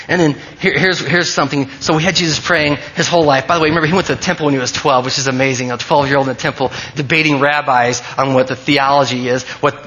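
A man's voice: mid-range voice, sharp tone, dull audio. A man preaching a sermon as pastor, earnest and emphatic, often repeating key phrases.

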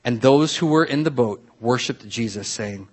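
A man preaching a sermon as pastor, telling a Bible story in a lively way, swinging from soft asides to loud acted-out voices. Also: mid-range voice, moderate pace, husky.

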